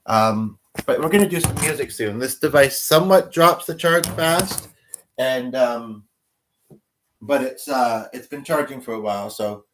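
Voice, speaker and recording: A man's voice: medium pitch, unhurried, slight background noise. A man hosting a livestream, chatting casually with viewers, rambling and thinking aloud as he goes. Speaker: livestream host.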